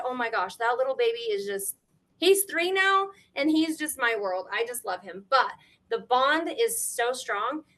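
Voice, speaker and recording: A middle-aged woman, a grandmother, telling her story as a guest on a live stream, animated and emotional, acting out what people said. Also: high voice. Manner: animated, tearful at times, quotes people in shifting voices.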